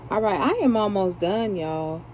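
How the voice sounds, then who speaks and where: A woman's voice: mid-range voice, animated, normal speed, a little mellow, a little hiss or hum, poor audio. A woman chatting casually while she makes beaded jewelry and laughs at herself. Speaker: jewelry maker. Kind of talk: casual chat while beading.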